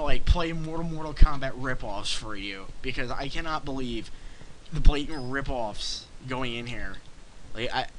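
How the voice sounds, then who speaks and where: Man, sarcastic fanboy rant, exasperated and repetitive, bright tense voice, slightly raised pitch, faint hiss behind. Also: poor audio. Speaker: parody game reviewer. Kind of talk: satirical rant as an angry fanboy.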